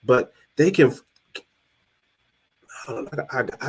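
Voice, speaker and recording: A man's voice: mid-range voice, measured pace, breathy edge, poor audio. A man hosting a live-streamed talk show, thinking aloud as he searches online and talks to his viewers. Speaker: podcast host.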